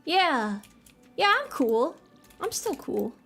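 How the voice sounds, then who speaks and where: High-voiced woman bantering with chat. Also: sing-song, takes it slowly, gravelly, fairly bright tone, faint music behind. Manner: playful, self-mocking banter with chat. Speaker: VTuber streamer. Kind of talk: casual live-stream chat while gaming.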